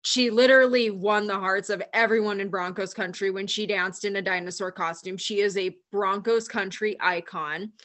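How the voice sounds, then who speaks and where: A woman co-hosting a podcast with a bright, forceful voice. She talks in casual, chatty fashion and often fills with "like". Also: medium pitch, steady tone, moderate pace, few pauses. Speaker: podcast co-host. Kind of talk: casual chat.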